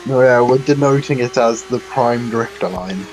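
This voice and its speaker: A man's voice: mid-range voice, moderate pace, a little hiss or hum, poor audio. A man co-commentating a sim race in a casual, teasing way, with some hesitant restarts.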